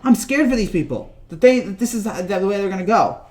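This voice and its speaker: A man's voice: sits high, animated, quick pace, a little mellow. A man vlogging about sports in a casual rant, rambling and joking and often repeating himself.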